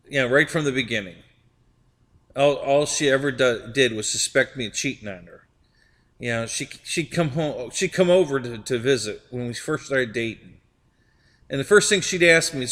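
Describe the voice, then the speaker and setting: Man, live stream host, casual rambling chat, fairly high pitch, lively, reverberant hall. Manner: rambling, repeats words, laughs often.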